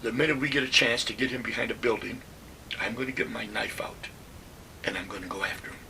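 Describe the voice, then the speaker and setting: An old man acting out a tough, furious young soldier from a rough city neighborhood, talking in blunt, menacing bursts. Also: medium pitch, fast, recorded from a distance, noisy background, natural voice. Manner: menacing, blunt street talk.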